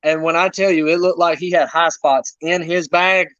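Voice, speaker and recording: A man being interviewed, telling animated wrestling-road stories in casual chat with playful humor. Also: on the high side, moderate pace, clear, resonant tone, dry recording. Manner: animated storyteller, self-deprecating humor. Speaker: wrestler guest. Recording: dull lo-fi dry sound.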